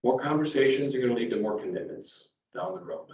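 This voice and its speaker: Expressive and a little fast, a middle-aged sales trainer with a mid-range, darkish voice tells personal stories at a live seminar in a conversational style, repeating words. A little hiss or hum accompanies the echoey room, distant mic and faint ambience.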